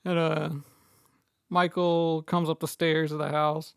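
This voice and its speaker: A man co-hosting a horror podcast, recapping the film in a wry, deadpan casual chat and correcting details. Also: a little high, slow pace, vocal fry, clean tone, no echo, clean studio sound. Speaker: podcast co-host.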